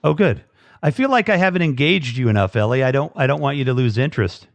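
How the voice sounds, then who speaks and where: A man's voice: mid-range voice, expressive, fast, dry recording. A man hosting a live stream in casual chat, joking and rambling with many restarts.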